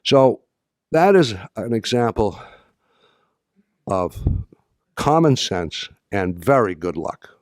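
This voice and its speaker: An older man tells a story to an audience in a low, unhurried-sounding voice, stumbling over restarts and slipping in dry humor. The sound is close and dry, with no room around it. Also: big pitch swings, dry recording. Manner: halting, many restarts and fillers, dry humor. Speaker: speaker addressing an audience. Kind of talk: anecdotal talk.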